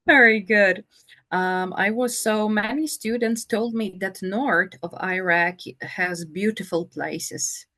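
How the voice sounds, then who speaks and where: A woman teaching an English conversation lesson, speaking slowly and patiently with many fillers. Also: mid-range voice, sharp tone.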